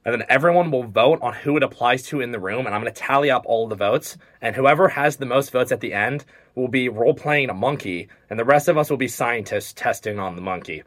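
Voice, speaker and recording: A man's voice: medium pitch, fairly quick, fairly bright tone, dry recording. A young man hosting a college radio show, telling rambling stories full of fillers in a casual chat from a studio mic. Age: young adult. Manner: rambling, filler-heavy storytelling.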